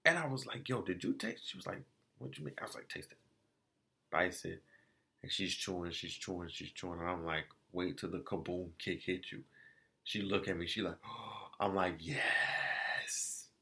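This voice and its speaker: A man casually reviewing food spots in a vlog, telling it as an animated, slangy story full of restarts and quoted exchanges. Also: deep voice, normal speed, vocal fry.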